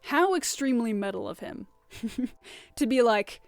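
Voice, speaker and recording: A woman's voice: on the high side, expressive, a little slow, long pauses, no room sound. A woman hosting a casual scripture commentary, with a casual, irreverent way of talking and frequent exclamations. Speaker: host.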